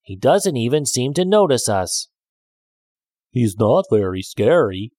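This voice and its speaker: A man's voice: medium pitch, very animated, a little slow, a little mellow, no echo, studio quality. A man voicing a bunch of fussy, discontented little frogs in a storybook reading, with a whiny, pleading manner. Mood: complaining.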